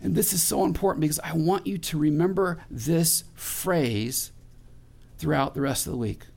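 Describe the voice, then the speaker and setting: A man's voice: on the high side, moderate pace, creaky, a little mellow. A middle-aged male pastor preaching a sermon in a conversational way, with restarts and questions put to the congregation.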